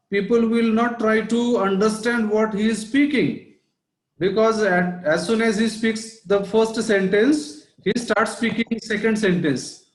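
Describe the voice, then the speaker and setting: The recording, online class audio with a reverberant sound, captures a high-voiced man lecturing about public speaking. He is explanatory, repeats his points, and regularly asks "right?" without expecting an answer.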